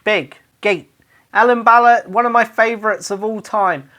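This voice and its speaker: Cornish bloke, dj, reading out funny local sayings all jokey, shouts the dialect bits. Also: male voice, high voice, fairly even intonation, normal speed. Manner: jokey, bursts into loud exaggerated dialect phrases. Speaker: radio DJ. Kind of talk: comic monologue reading out followers' sayings.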